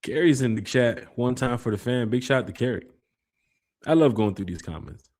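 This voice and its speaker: A man hosting a casual fan podcast, reading out chat comments and giving shout-outs. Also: medium pitch, animated, normal speed. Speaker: podcast host. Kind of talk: casual live-stream chat.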